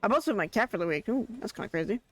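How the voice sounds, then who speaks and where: A streamer giving casual, excitable commentary while playing, chattering along and repeating a favourite name again and again. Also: mid-range voice, very fast.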